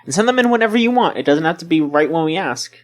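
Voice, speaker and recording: Rambling, relaxed podcast co-host man. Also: a little high, fast. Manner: relaxed, rambling, laughs often. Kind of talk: casual chat.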